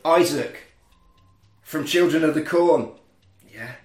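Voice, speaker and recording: An animated man hosts a podcast, recapping a film and jumping into put-on voices. His voice sits a bit high. The recording is roomy and echoey, with faint music underneath. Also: slow pace. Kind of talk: casual chat.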